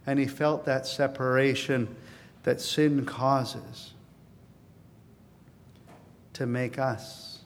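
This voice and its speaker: An earnest male pastor preaching from the pulpit, his voice rising to emphatic peaks before settling back low and confiding. His middle-pitched voice carries a long reverb through a large hall, with a faint low rumble underneath. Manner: earnest, building to emphatic peaks then dropping soft. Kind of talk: sermon.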